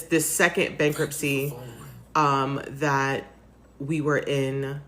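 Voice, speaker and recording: Low-voiced woman vlogging after crying all night, soft and halting, lots of ums. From United States. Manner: soft, halting, rambling with fillers. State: tearful, crying. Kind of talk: emotional personal vlog.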